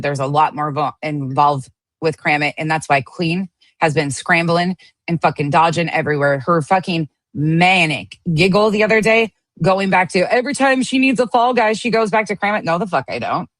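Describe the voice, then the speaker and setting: Low-voiced woman ranting angrily. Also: fairly bright tone, no echo. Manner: angry, profane ranting. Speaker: online drama commentator. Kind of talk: heated livestream commentary.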